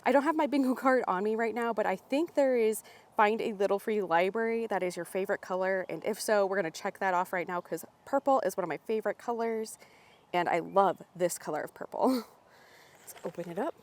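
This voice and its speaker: A young woman vlogging outdoors at little free libraries, chatting with bubbly excitement and reading book blurbs aloud. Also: mid-range voice, brisk. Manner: bubbly, excited, laughs often.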